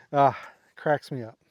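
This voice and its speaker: A man's voice: on the high side, no room sound, lo-fi sound. Rambling middle-aged man, dry close sound. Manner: rambling, filler-heavy, laughs at his own stories. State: tired from a sleepless night. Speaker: vlogger. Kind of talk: casual vlog storytelling. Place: outdoor campsite by water.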